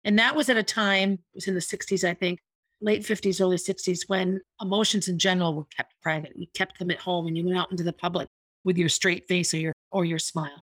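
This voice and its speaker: A woman in her fifties from the United States hosts a podcast, earnestly and reflectively telling a personal story and repeating words for emphasis. Her voice is on the low side and fairly bright, steady in tone and a little fast, in a dry recording.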